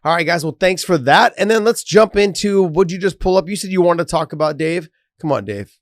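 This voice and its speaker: This man's voice is high, expressive, and brisk, captured in studio quality without any room sound. He co-hosts a sports podcast, keeping the chat loose and casual, cursing freely and running through a sponsor promo.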